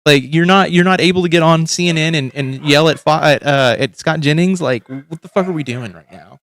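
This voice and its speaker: A man's voice: a little high, brisk, a bit bright, no room sound. Guy ranting on his stream, swears a lot, trips over his words, dry sound. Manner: ranting, heavy swearing, frequent restarts. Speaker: livestream host. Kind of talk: casual profane commentary.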